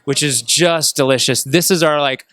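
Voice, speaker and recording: A man's voice: fairly high pitch, normal speed, fairly bright tone, dry recording. A man hosting a casual chat, upbeat and chatty, asking friendly questions. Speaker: host.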